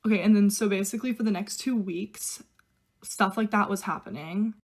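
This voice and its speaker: A woman's voice: medium pitch, moderate pace. A young woman chatting casually through a get-ready-with-me storytime, filling every sentence with "like" and quoting others in her own voice. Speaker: au pair telling a story.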